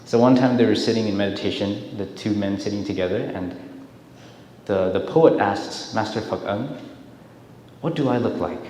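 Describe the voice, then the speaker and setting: A man's voice: on the low side, fairly even intonation, moderate pace. A man giving a dharma talk in a temple hall, telling stories with frequent restarts and repeated words. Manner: storytelling, warm-hearted, repeats words. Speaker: dharma speaker. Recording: echoey hall, faint hiss.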